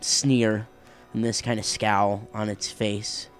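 A man running a tabletop game, describing the scene in a relaxed, casual way. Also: on the low side, takes it slowly, faint music behind. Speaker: game master.

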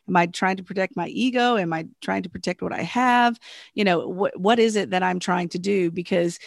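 A woman hosting a casual podcast conversation, animated and laughing often, with many "you know"s. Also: on the low side, brisk, creaky, dry recording, studio quality.

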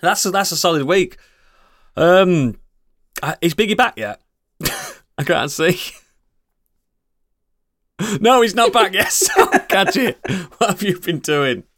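A man's voice: high voice, big pitch swings, takes it slowly, pauses often, a bit bright. A man hosting a podcast in casual chat, jokey, laughing and swearing often. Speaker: podcast host.

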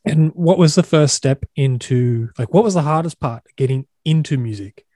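A man hosting a podcast, asking short questions in a relaxed, unhurried way. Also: on the high side, no echo, clean studio sound. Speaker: podcast host. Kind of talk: interview questions.

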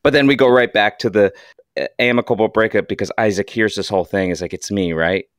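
A man's voice: on the low side, fast, no echo, clean studio sound. A man co-hosting a podcast, eagerly recapping scenes and asking the guest questions. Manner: enthusiastic recapping, asks questions. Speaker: co-host. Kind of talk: casual podcast chat.

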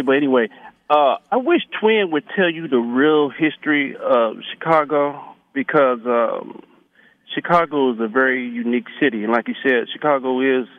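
A male caller comes through a tinny phone line, voicing his opinions in a halting, argumentative way full of fillers. His voice sits at a middling pitch and sounds dry. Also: no echo.

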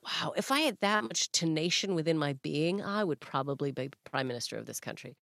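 Woman, podcast host, lively and jokey, lowish voice, dry recording. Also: a little fast, vocal fry, no echo. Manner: animated, jokey storytelling with playful voices. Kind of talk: casual chat.

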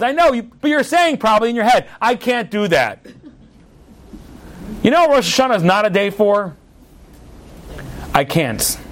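Middle-aged male preacher with a high voice who tells lively stories in his sermon. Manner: storytelling with acted quotes, animated delivery.

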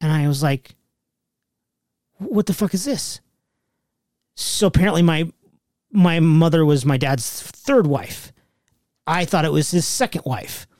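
A man in his forties telling a family story in casual chat, swearing often and breaking into loud outbursts. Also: a little high, a little slow, no room sound, clean studio sound.

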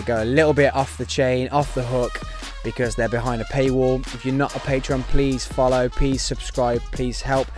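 A man hosting a casual podcast, plugging his other show with jokey, rambling asides. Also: medium pitch. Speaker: podcast host.

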